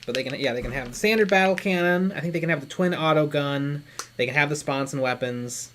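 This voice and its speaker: A man's voice: a little high, fast talker, a bit bright, slight background noise. Easygoing male stream co-host. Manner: easygoing, lots of agreeing "mm-hmm". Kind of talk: casual chat.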